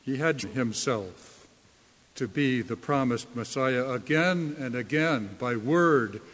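A man preaching a sermon as a pastor, slow and deliberate, leaning hard on key words. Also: mid-range voice, a bit bright, long reverb tail.

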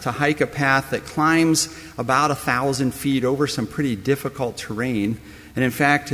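A man's voice: medium pitch, long reverb tail. A man preaching a sermon, telling a story that speaks straight to the listener as you. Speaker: pastor.

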